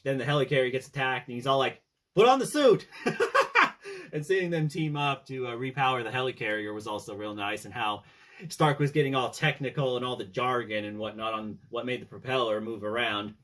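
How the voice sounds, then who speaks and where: A man's voice: mid-range voice, steady tone, fairly quick, fairly bright tone. A man casually chatting about his favorite films as a fan, rambling with fillers and retelling scenes. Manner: rambling, with many fillers and "he's all like" retellings. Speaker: fan film commentator. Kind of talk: casual fan movie discussion.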